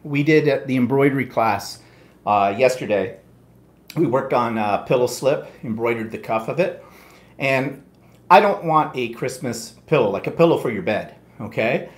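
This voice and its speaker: A man's voice: medium pitch, normal speed. Chatty man rambling in a roomy room. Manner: chatty, rambling storyteller with many asides. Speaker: co-host of a live quilting show. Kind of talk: casual live-stream chat.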